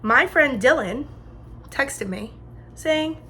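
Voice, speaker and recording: A young woman in her twenties from New Jersey chats away in her kitchen while she cooks. She tells her stories in loose slang, and her voice sits a little high. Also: takes it slowly, slight background noise. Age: 20s. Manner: chatty, slangy, animated retelling. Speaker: vlogger. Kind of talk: casual storytelling while cooking. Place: home kitchen.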